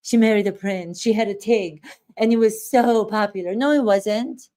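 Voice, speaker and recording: A woman's voice: mid-range voice, moderate pace, mellow. A woman acting coach giving reaction commentary, emphatic and incredulous, firing off rhetorical questions.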